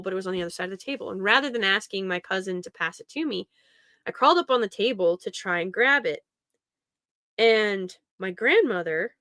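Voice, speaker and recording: A woman's voice: mid-range voice, pushed and bright, dry recording, clean studio sound. A young woman telling a family story in a casual, rambling way, often laughing as she talks. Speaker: podcast host.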